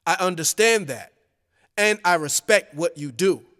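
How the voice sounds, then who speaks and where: A man voicing a record executive on the phone: calm, businesslike, measured and firmly polite. The voice sits fairly high and moves unhurriedly, with a long reverb trailing behind it. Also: heavily acted.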